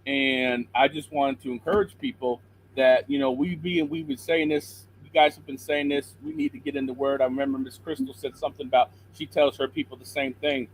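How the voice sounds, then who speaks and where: A middle-aged man calling in to a talk show over a video call, a little hoarse, talking earnestly and preaching from scripture. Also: mid-range voice, flat delivery, brisk, slight background noise, poor audio. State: slightly hoarse throat. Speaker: caller. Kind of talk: call-in chat and Bible encouragement.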